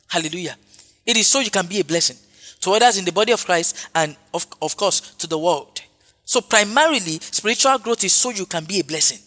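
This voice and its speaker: A man's voice: sits high, pushed and bright. A man preaching a sermon, emphatic and repetitive, punctuated with hallelujahs. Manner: emphatic, repeats phrases, frequent hallelujahs. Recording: long hall reverb with faint music.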